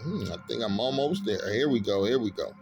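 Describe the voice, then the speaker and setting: A man preaching from the Bible, reading verses aloud and breaking into loud, fervent, laughing commentary in casual slang. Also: mid-range voice, animated. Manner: casual slangy talk, unhurried while looking up verses. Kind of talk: street sermon reading scripture. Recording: music playing under the voice. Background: music bed.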